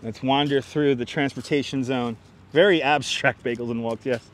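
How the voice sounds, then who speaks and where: A man's voice: medium pitch, steady tone, normal speed, a little hiss or hum. A man hosting a casual live stream while walking outdoors in an urban park, chatty and teasing, greeting viewers as he goes.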